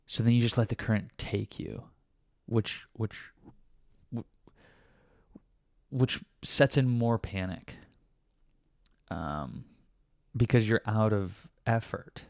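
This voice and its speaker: A man with a low voice full of gravelly fry speaks in a dry, close recording. He rambles through a reflective vlog monologue, padding it with "um" and "uh" and restarting sentences. Now and then he teases himself aloud with a short laugh. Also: slow pace, long pauses, a little mellow, no room sound. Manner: rambling, many fillers and restarts; talks to himself with self-mocking laughs. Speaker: vlogger.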